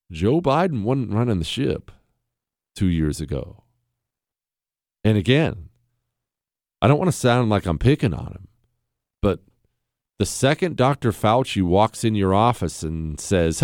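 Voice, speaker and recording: A man's voice: medium pitch, lively intonation, a little slow, a little mellow, no echo, clean studio sound. A man hosting a talk show, delivering a blunt, combative opinion monologue with sarcastic asides.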